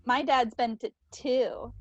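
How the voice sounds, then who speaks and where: A woman's voice: fairly high pitch, steady tone, slow pace, highs cut off, crowd noise. A young woman from the Seattle area in a college improv troupe, chatting playfully on a livestream and rambling into giggles. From Seattle area, USA. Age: young adult. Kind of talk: casual chat on a livestream.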